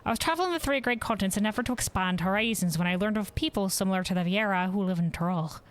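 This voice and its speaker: A woman's voice: medium pitch, very fast, lightly acted. A woman voicing an earnest young male traveler from a far eastern land, with a put-on Irish-leaning lilt, reading game dialogue in a formal storybook manner.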